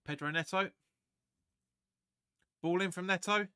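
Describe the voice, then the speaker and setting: Male fan host, bright raised voice, dry close mic, excitable live match chatter. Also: mid-range voice, normal speed, clean tone, no room sound. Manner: excitable, chatty, swears, reads viewer comments aloud. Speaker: fan watch-along host. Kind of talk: live match watch-along commentary.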